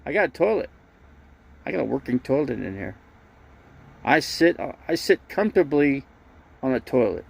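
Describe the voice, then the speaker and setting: A man's voice: mid-range voice, very animated, moderate pace, vocal fry, long pauses, husky. A man telling rambling, funny stories in a casual livestream, often laughing, stammering and restarting his sentences. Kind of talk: casual storytelling.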